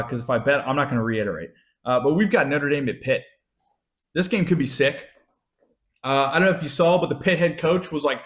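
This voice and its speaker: A young man hosting a casual sports betting show, talking picks with frequent swearing and heated rants. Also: mid-range voice. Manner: profane, ranting, animated. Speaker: sports betting podcast host.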